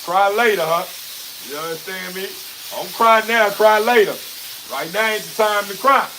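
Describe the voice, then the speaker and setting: A man's voice: sits high, moderate pace, background noise. A man talking casually while bathing his dog in a yard, laughing often and repeating himself in a preachy street-talk way. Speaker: dog breeder. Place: outdoors in a yard.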